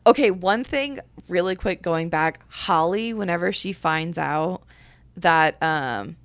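A woman's voice: on the low side, slow. A woman co-hosting a book podcast, ranting in casual chat full of "like" and swearing. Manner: animated, profane ranting with lots of "like". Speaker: podcast co-host reviewing a book.

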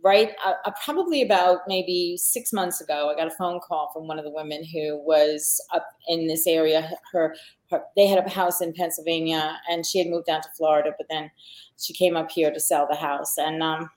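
A woman's voice: deep voice, steady tone, moderate pace, a little mellow. A middle-aged woman from Long Island, chatting as a podcast guest and telling stories with frequent fillers and restarts. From Long Island, New York. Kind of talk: casual conversation.

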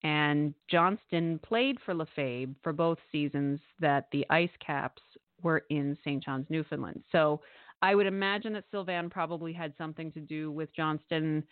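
A woman's voice: low-pitched, normal speed, no room sound. A woman co-hosting a sports radio podcast, talking in a chatty, amused way with many fillers. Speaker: podcast co-host. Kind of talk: casual sports radio commentary. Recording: tinny phone-like line, dry.

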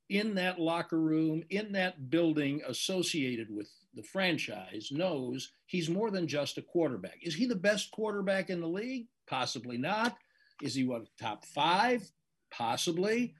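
An older man, a veteran sports broadcaster, giving measured, analytical answers in an interview. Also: on the high side, animated, breathy edge.

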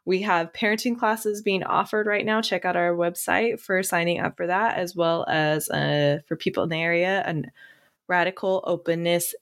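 Chatty lower-pitched woman counselor. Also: steady tone, moderate pace, smooth. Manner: chatty, reassuring, laughs often. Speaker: podcast co-host, counselor. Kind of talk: casual chat.

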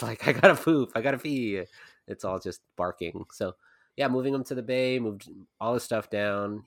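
A man's voice: fairly low pitch, dry recording, clean studio sound. A young adult man co-hosting a podcast in casual chat, rambling through anecdotes with lots of swearing and laughter. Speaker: podcast co-host.

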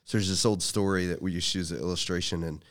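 A deep-voiced man leans into a story with a folksy, preacherly warmth. He talks casually, moving from anecdotes to life lessons. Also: steady tone, very fast.

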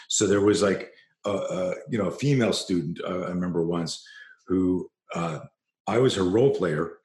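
A man's voice: low voice, expressive, moderate pace, darkish tone, reverberant. A man, a self-defense instructor, telling a story as an interview guest, passionate and profane, often restarting his sentences.

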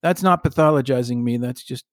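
A man's voice: medium pitch, brisk, no echo, clean studio sound. A man co-hosting a podcast in casual chat, playful and wry, musing aloud about words. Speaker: podcast co-host.

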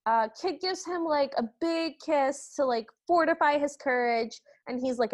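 Woman podcast co-host, high voice, wry chatty movie recap. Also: unhurried, hardly any pauses. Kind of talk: casual chat recapping a movie.

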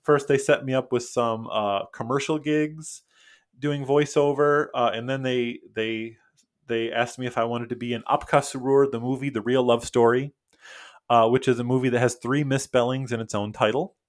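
A man's voice: medium pitch, steady tone, moderate pace. A man, a podcast guest, telling long anecdotes in casual chat, rambling off on tangents and chuckling as he goes. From United States. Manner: rambling, self-interrupting, chuckles through anecdotes. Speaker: podcast guest, comic book author. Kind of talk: casual interview storytelling.

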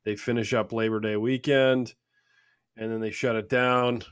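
A man co-hosting a casual podcast chats in a joking, profane manner. His lowish voice is clean in tone, with flat delivery and a moderate pace.

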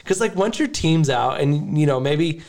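A man's voice: on the high side, animated, moderate pace, creaky, darkish tone. Male podcast host, casual chat, rambling, emotional, laughs a lot.

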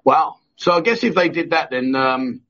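A man hosts a casual live chat show, reading viewer comments aloud and joking with his co-host in a jokey, bantering way with frequent restarts. His voice is on the high side and a bit bright, at normal speed. The stream audio is dull and lo-fi.

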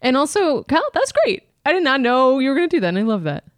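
A woman's voice: sits high, very animated, fast, dry recording, studio quality. A young woman co-hosting a podcast in casual, teasing banter, swearing now and then. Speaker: podcast co-host.

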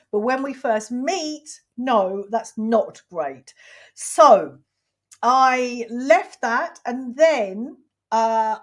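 A woman in her fifties from England telling a frank personal story, expressive and outspoken, acting out quoted exchanges. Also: fairly high pitch. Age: 50s. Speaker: podcast host.

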